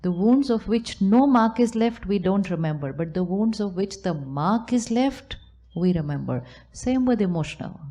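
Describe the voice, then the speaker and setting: Woman spiritual teacher, warm mellow tone, talks to a live audience and acts out hurt inner thoughts. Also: mid-range voice, animated, moderate pace. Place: retreat center hall.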